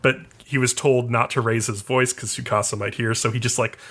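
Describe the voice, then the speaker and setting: This male podcast co-host sounds steady, brisk, a bit bright and slightly rough, with a medium pitch. He rambles casually through an anime episode recap, dropping "like" constantly among other fillers.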